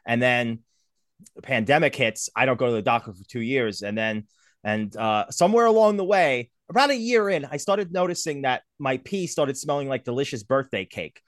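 A man hosts a podcast interview, his pitch swinging widely as he tells stories and acts out other people's lines. The sound is close and dry, with no room around it. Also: moderate pace, dry recording. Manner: animated storyteller, acts out quotes. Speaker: podcast host. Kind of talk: casual interview chat.

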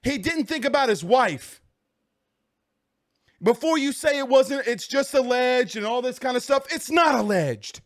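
A high-pitched man delivers a heated sports rant straight to his listeners. He repeats himself for emphasis and keeps pushing his point in a casual, talk-show way. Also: lively intonation, a little slow. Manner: heated, repetitive, talks straight at the audience. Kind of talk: casual ranting commentary.

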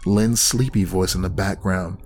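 A man reading a horror story aloud in scripted first-person narration, tense and steady. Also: sits low, normal speed, a little hiss or hum.

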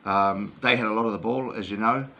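A man's voice: lowish voice, fairly even intonation, fairly quick, gravelly, lo-fi sound. A man co-hosting a casual football chat, easygoing and hesitant, with many ums and yeahs. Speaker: football podcast co-host. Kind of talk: casual match review chat.

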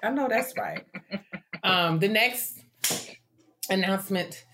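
A woman's voice: medium pitch, takes it slowly, a little hiss or hum. A woman co-hosting a casual podcast, reading listener letters and cheering them on. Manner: warm affirming interjections, playful put-on voices. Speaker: podcast co-host.

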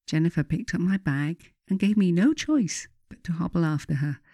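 Warm-voiced woman reading her memoir. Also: low voice, expressive, no echo, studio quality. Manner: measured, reflective storytelling. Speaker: author reading her own book. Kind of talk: memoir audiobook narration.

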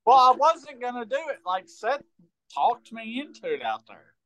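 Bright, easygoing down-home guy. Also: very high-pitched, very animated, normal speed, no echo, poor audio. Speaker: professional angler, guest. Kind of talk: casual interview chat.

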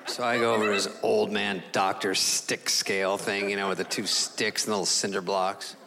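A middle-aged man performing a stand-up routine, telling a self-mocking story in a sarcastic way with quick voices for others. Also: lowish voice, level tone, vocal fry, sharp tone. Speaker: stand-up comedian. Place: large theater stage before a laughing audience. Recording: live hall with crowd noise.

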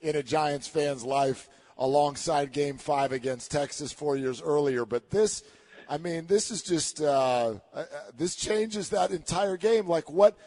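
A male interview host who reacts emphatically, halting and stammering with excitement before asking his question. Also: high-pitched. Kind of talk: casual interview.

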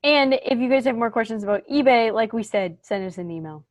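A woman co-hosting, reacting in a relaxed, chatty way with plenty of fillers. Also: on the high side, a little fast, no room sound. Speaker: co-host. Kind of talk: casual chat.

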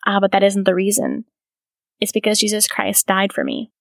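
A woman's voice: medium pitch, little pitch movement, normal speed, creaky, no echo, clean studio sound, lightly acted. A woman reading the words of an earnest, plainspoken missionary woman.

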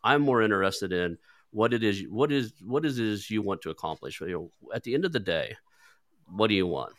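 A low-voiced man hosts a casual podcast interview and talks at a brisk pace. He agrees readily and then adds his own points, and his voice sounds dry and close. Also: lively intonation, dry recording. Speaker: podcast host.

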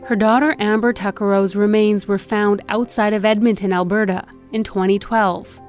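A woman narrates an investigative documentary with a measured, serious delivery and a voice of middling pitch. She speaks steadily and with care, and faint music sits underneath. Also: steady tone, a little mellow. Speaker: investigative reporter and podcast host.

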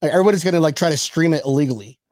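A young man co-hosting a fan podcast in casual chat, excitable and joking, laughing often. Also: fairly high pitch, very fast, no echo, studio quality. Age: young adult. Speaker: podcast co-host.

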